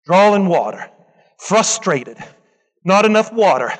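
A man's voice: high voice, sing-song, a little slow. A man preaching a sermon with passion, driving points home through rhythmic repetition and calling out to the congregation. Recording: long reverb in a large hall.

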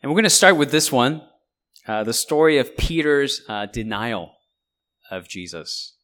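A man preaching a sermon, conversational and halting, with frequent fillers and restarts. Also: mid-range voice, animated, a bit bright. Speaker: pastor.

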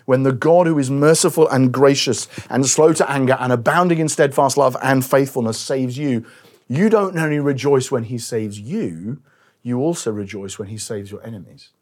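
A middle-aged male pastor preaching a sermon, telling stories with animated acted-out quotes and sometimes dropping to a quiet voice. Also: mid-range voice, normal speed.

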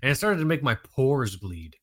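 A man co-hosting a podcast in casual chat, animated and joking, swearing freely and laughing easily. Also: mid-range voice, moderate pace. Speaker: podcast co-host.

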